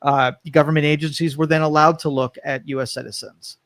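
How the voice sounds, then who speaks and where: A man's voice: a little high, steady tone, fairly quick, fairly bright tone, no echo. A man co-hosting a live talk show from a studio, rambling and correcting himself as he puts pointed questions. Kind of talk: live talk radio debate.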